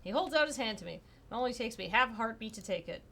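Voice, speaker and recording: A woman's voice: on the high side, lively intonation, fast, gravelly, a bit bright. A woman narrating and playing a tabletop role-play, chatty and self-deprecating. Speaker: player and narrator.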